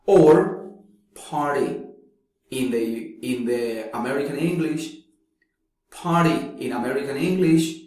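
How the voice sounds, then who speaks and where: Slow, echoing male teacher. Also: medium pitch, darkish tone. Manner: slow, demonstrating pronunciations by repeating words. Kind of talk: phonetics lecture. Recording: very echoey room.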